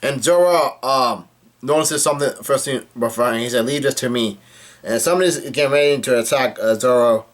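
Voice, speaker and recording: A man talks through a comic chapter in a loose, unscripted way. He trips over words, restarts and fills gaps with "uh." His voice sits at an ordinary middle pitch. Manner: halting, with many fillers and restarts. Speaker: manga reader recapping a chapter. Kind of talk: casual chapter recap.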